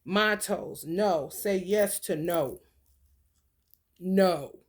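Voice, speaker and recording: A woman, giving a blunt, profane spiritual vlog reading with loud outbursts. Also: medium pitch, animated, a little slow, gravelly. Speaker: spiritual content creator.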